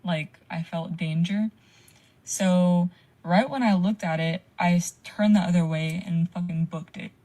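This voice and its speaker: A woman's voice: on the low side, a little mellow. A young woman telling a frightening personal story in a casual way, with lots of "like" and swearing. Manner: frequent "like" fillers, swearing. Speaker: caller sharing a story.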